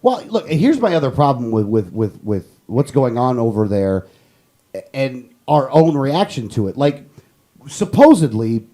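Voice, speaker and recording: A man hosting a casual political talk show, rambling with many restarts and getting animated. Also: mid-range voice.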